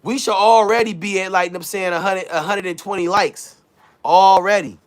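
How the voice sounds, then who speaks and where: A man's voice: high voice, fairly even intonation, moderate pace. A man hosting a casual livestream, talking loosely in slang, hyping his chat and reading their messages aloud. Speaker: livestream host.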